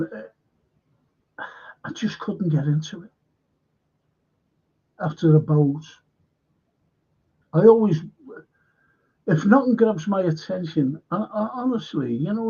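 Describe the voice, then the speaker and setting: A man's voice: on the high side, slow pace, pauses often, mellow, husky, muffled recording. A man hosting a film and TV review livestream, talking bluntly and swearing often as he rambles on, frustrated and in pain. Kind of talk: casual livestream chat.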